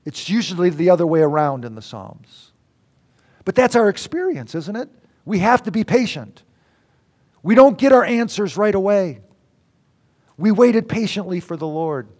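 A middle-aged man preaching a sermon, swinging between loud exclamations and near whispers. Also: high-pitched, big pitch swings, moderate pace, long pauses. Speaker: pastor.

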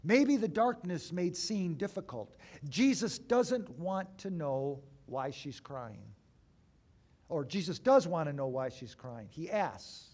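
A man preaching an Easter sermon as a pastor, moving between raised, emphatic phrases and hushed, slow ones with deliberate pauses. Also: a little high, lively intonation. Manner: dramatic swings between loud and hushed.

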